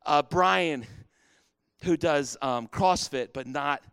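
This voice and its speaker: A man preaching a sermon, talking to his congregation in a conversational way and circling back to repeat key phrases. His voice is clear and resonant, and it sounds close and dry, with no room echo. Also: fairly high pitch, slow pace, fairly bright tone. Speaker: pastor.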